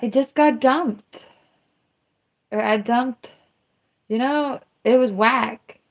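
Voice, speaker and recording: A woman's voice: a little high, slow pace, muffled recording. A young woman hosting a casual livestream, chatting in a drawling, sardonic way that mixes jokes with confessions. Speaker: livestream host.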